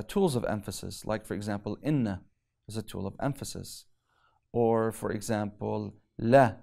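A male religious lecturer giving a theology lesson, reciting Arabic quickly and explaining in English with emphatic pauses. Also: lowish voice, vocal fry, a little mellow.

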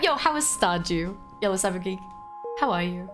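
A young Australian woman streaming a game live, excitable and quick to swear and laugh as she chats with her viewers. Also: mid-range voice, music in the background. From Melbourne, Australia. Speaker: livestreamer. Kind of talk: casual live game commentary.

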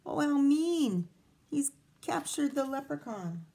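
Expressive teacher reading a picture book. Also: female voice, sits high, slow, creaky. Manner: expressive, with chatty asides to the children.

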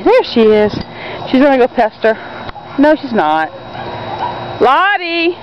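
A woman's voice: sing-song, slow, long pauses, background noise. A woman filming her dogs in a yard, cooing and calling to them and chatting to viewers in a casual home video. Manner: coos and calls to dogs in a high sing-song voice. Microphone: handheld camera. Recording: dull lo-fi home video with loud dog barking. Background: dogs barking.

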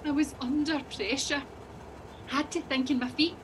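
A woman's voice: high-pitched, steady tone, moderate pace, a little hiss or hum, natural voice. An actress with a Scottish accent playing a flustered, tearful and snappish woman passenger in an audio drama. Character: frazzled woman passenger, nervy and defensive.

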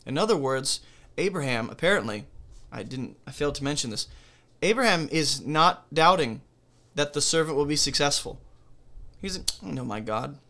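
A man's voice: a little high, lively intonation, moderate pace, pushed and bright. A man leading a conversational Bible study, reading scripture aloud and then explaining it casually, often checking in with the listener. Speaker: Bible teacher.

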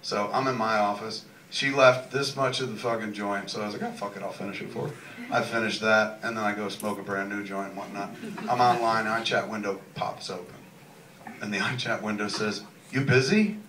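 A man's voice: on the low side, fairly even intonation, a little fast, pushed and bright. A man hosting a live podcast show, telling a rambling, profane comic story on stage in a large cinema. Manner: laid-back, rambling, swears a lot. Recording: echoey hall recorded from far off, with crowd noise. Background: audience laughter and room noise.

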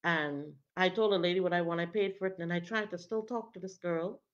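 Low-voiced woman telling an animated testimony. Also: fairly quick. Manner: animated, acts out the other people's lines. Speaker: prophetess. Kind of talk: testimony storytelling. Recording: dull lo-fi recording.

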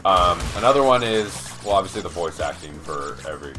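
A young man hosting a let's play rambles through casual gaming chat, frequently restarting his sentences and swearing. His voice sits low and is expressive and fairly quick, with music playing underneath.

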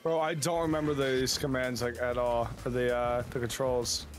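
A man's voice: medium pitch, level tone, moderate pace. A young man exclaiming in frustration while playing a game with friends. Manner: exasperated, exclaiming. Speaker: gaming friend. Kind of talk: casual gaming banter. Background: game music.

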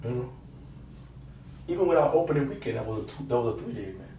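A man ranting on a live stream, loud, taunting and profane, laughing often. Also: mid-range voice, lively intonation, fast talker, reverberant, recorded from a distance, a little hiss or hum, low-quality recording. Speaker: social media personality.

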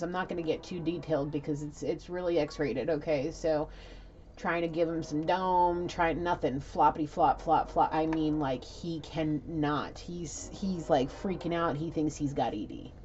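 A woman with a low voice talks through a spiritual reading in a loose, chatty manner, piling on fillers and asides. She narrates what she sees like a story. The recording is a bit dull, with a faint hiss. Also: fairly even intonation, moderate pace, darkish tone. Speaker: tarot reader.

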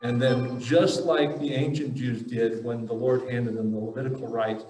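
A man's voice: mid-range voice, fairly even intonation, moderate pace, a little mellow, far from the mic, slight background noise. A man giving a casual, joking religious talk at a conference and taking audience questions, with many fillers and restarts. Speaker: conference speaker. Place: conference hall. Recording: roomy hall audio, voice heard from afar.

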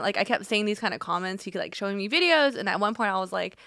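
A woman's voice: quick pace, no echo, clean studio sound. A woman co-hosting a podcast, chatting casually and acting out quoted lines as she tells a story. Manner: animated storytelling, acts out quotes with shifting pitch. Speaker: podcast co-host. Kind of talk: casual chat.

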